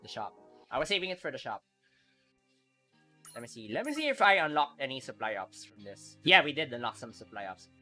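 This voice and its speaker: A man live-streaming a video game, chatting casually with viewers, excitable and quick to laugh. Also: medium pitch, faint music behind.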